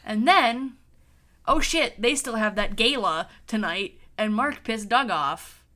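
Bright, wry female podcast host. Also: fairly high pitch, lively intonation, slow pace. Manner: wry storytelling, quotes the characters. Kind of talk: casual chat recapping a TV episode.

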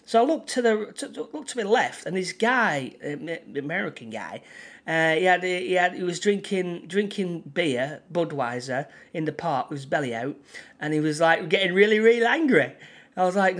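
A man's voice: high voice, a bit bright. A man with a Manchester accent co-hosting a casual podcast, telling a rambling story full of restarts and fillers. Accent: Mancunian English. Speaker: podcast co-host. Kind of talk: casual chat.

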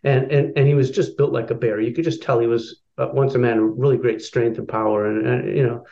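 A man's voice: medium pitch, a little fast. Male guest, mid-range voice, storytelling with fillers, lo-fi recording. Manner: personal, animated storytelling with filler words. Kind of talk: storytelling in an interview.

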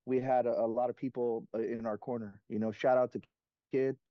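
A man's voice: medium pitch, flat delivery, fairly quick, no room sound. A man, a guest on an interview show, talking in a laid-back way and filling his speech with "you know". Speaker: comic co-creator, guest. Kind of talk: casual interview chat. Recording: slightly dull lo-fi sound.

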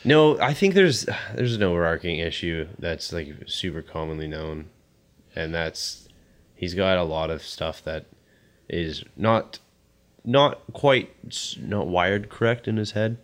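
A young man trading casual, profane banter on a podcast. His voice sits fairly low and the talk is relaxed and unscripted. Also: measured pace. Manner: loose, swearing banter with frequent laughs. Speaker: podcast co-host. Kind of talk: casual chat.

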